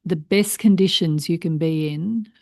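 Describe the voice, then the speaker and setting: A woman's voice: on the low side, a little slow, vocal fry, no echo, studio quality. A woman hosting a parenting podcast, explaining frankly and reflectively to her guest. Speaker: podcast host. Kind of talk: interview conversation.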